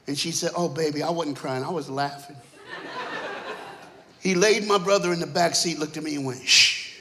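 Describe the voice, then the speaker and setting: A man preaching in a church, telling comic stories from his childhood with lively, punchy delivery and acting out family members. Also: fairly high pitch. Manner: animated, punchy storyteller who acts out family characters. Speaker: guest preacher. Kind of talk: comedic storytelling sermon. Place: church auditorium stage.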